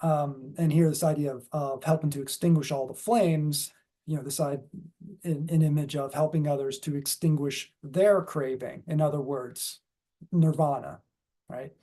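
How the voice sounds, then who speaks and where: Guy giving a loose rambling dharma talk, kinda high mellow voice. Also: fairly even intonation, normal speed. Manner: rambling with many fillers and restarts. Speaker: dharma speaker.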